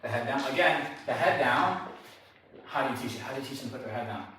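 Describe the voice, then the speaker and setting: A man dog trainer explains his work in a relaxed, conversational way while he trains. His voice sits at an ordinary pitch. He sounds a little away from the mic, in a very reverberant indoor space with faint noise underneath. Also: fast. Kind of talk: hands-on training demonstration. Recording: very echoey room, distant mic, faint noise.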